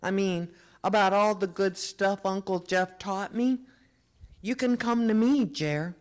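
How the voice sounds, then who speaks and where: A reader voicing a gentle older boy comforting his little brother, with a thick, soft, quiet voice. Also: medium pitch, a little slow, voice pushed up, natural voice. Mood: reassuring.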